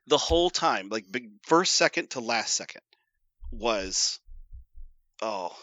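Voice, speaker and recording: Animated, laughing man chatting. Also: medium pitch, slow pace, dry recording. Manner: laughs a lot, animated and excitable. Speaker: podcast co-host. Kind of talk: casual chat.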